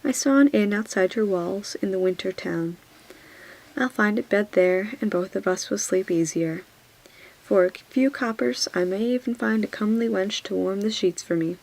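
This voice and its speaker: A woman voicing a sardonic, witty dwarf nobleman in a soft whispered role-play, dry and mocking. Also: mid-range voice, normal speed, creaky, low-quality recording.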